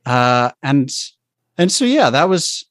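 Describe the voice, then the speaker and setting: A man shares a personal faith story in a conversation, pausing and restarting as he searches for words. His voice sits at a middling pitch. It is recorded close and dry, with no room sound. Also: sing-song, a bit bright, no room sound. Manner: halting and reflective, with frequent restarts and fillers.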